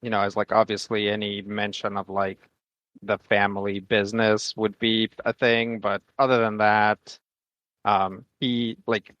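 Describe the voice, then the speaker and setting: A man's voice: lowish voice, level tone, unhurried, a bit bright, no room sound, dull audio. A man playing in a tabletop game, talking casually and hedging his words with "like". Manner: hedging, lots of "like". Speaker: player.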